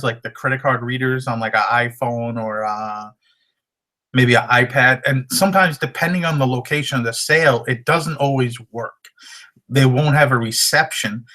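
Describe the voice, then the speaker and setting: A man with a slightly hoarse voice giving casual resale tips, rambling loosely and using many fillers. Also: mid-range voice, sharp tone. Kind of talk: casual how-to talk.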